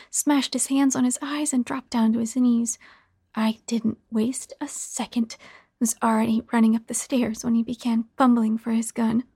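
A woman narrating a first-person horror story in a hushed, half-whispered delivery. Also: on the high side, slightly rough, no room sound, studio quality.

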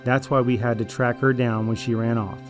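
A man's voice: medium pitch, flat delivery, a little fast, soft background music, close to an everyday voice. A man voicing a manipulative male raider in an audio drama, falsely friendly and then arrogant and threatening. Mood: smug, menacing. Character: smug, deceitful male raider, manipulative and menacing.

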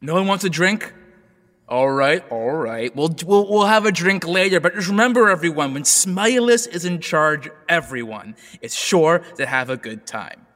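A man's voice: on the high side, lively intonation, normal speed, a bit bright, in a large hall, voice pushed up. A man voicing a jovial, hard-of-hearing male emperor who is boisterous and cheerfully callous.

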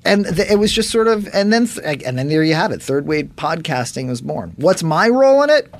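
Man, podcast guest, raised voice, lively swooping delivery, rambling improv comedy, dry close sound. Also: fairly high pitch, brisk, no room sound. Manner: animated, rambling, breaks into goofy impressions.

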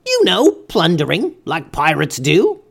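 A man voicing a humble, rowdy male pirate in a high, loud put-on voice. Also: huge pitch swings, measured pace, creaky, husky, full character voice. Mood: pleading, sheepish.

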